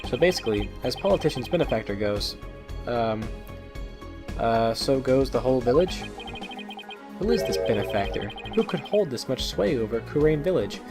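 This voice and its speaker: A man's voice: mid-range voice, expressive, normal speed. A man hosting a let's play, reading the game's dialogue aloud casually, stumbling over words and cracking jokes. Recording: game music under the voice.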